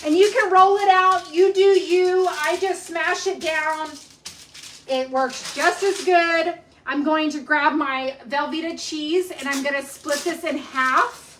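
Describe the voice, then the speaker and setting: Chatty high-voiced woman cooking. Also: fairly even intonation, takes it slowly, fairly bright tone, a little hiss or hum. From Texas. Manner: chatty, rambling, many ums. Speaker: cooking show host. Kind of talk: casual live-stream cooking chat. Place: home kitchen at night.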